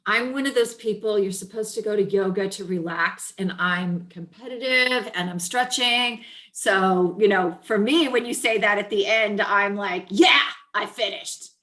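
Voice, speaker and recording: A woman hosting an interview podcast, chatty and quick to laugh. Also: mid-range voice, pushed and bright, roomy sound. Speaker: podcast host.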